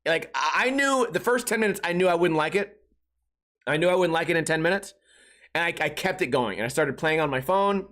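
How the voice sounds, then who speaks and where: Male podcast host, high and bright voice, casual exasperated comic rant. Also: expressive, brisk. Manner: exasperated storytelling, mimics friends in raised voice.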